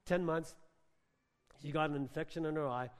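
A man preaches in a loose, conversational way, telling stories with plenty of filler words. His voice sits fairly high. It rings out with a long reverb, as in a large hall. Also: steady tone, moderate pace. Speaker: pastor. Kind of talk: sermon.

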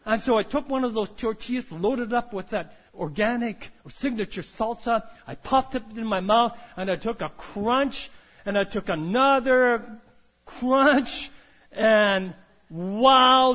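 A man preaching a sermon, telling a story that builds from quiet to loud and calling out for amens. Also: very high-pitched, expressive, moderate pace, big-room sound. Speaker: pastor.

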